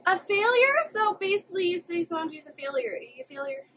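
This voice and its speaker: A woman's voice: extremely high pitch, sing-song, fairly quick, a bit bright, a little hiss or hum, low-quality recording. A young woman hosting an anime reaction video, emotional and exclamatory, swearing now and then. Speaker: reaction channel host.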